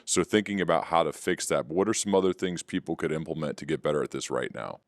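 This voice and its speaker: A man's voice: rumbling low, fast, no room sound, studio quality. A man hosting an interview podcast who asks questions while thinking aloud. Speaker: podcast host.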